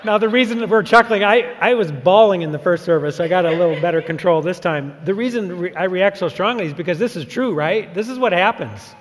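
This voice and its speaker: Animated high-voiced male pastor preaching. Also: a little fast, hardly any pauses. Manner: animated, acts out crowd shouts. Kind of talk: sermon. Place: church sanctuary. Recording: long church reverb.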